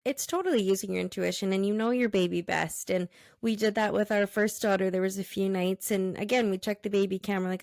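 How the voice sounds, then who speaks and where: A woman in her thirties hosts the conversation, mixing easy agreement, light laughs and questions. Her voice has a noticeably gravelly, fry-laced edge. The sound is close and dry. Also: medium pitch, fairly even intonation, brisk, dry recording. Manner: warm agreeing interjections, laughs often, asks questions. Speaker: podcast host. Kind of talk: casual interview chat.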